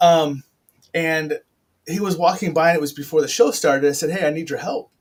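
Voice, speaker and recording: A middle-aged man with a fairly high voice talks casually, circling back and restarting as he tells a long personal story. He is frank and open, piling on side remarks before getting to the point. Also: moderate pace. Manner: rambling, upfront storytelling with many restarts. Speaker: podcast host. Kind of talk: casual chat.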